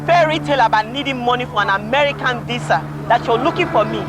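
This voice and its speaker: A woman's voice: fairly high pitch, fast, lightly acted. An actress playing a fed-up girlfriend who scolds and refuses to lend money, in a film drama. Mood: irritated. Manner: scolding, dismissive. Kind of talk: Nollywood film drama acting. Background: film score music.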